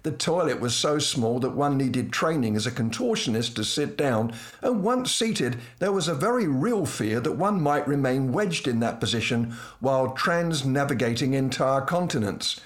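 A middle-aged man telling a humorous personal anecdote from a script, with dry, self-mocking wit and lively asides. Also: medium pitch, moderate pace, few pauses.

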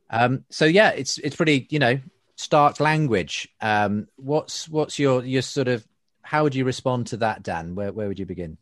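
A man's voice: medium pitch, expressive, normal speed, dry recording, studio quality. A man hosting a casual discussion, hesitantly putting a question to his guest. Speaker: host, moderator.

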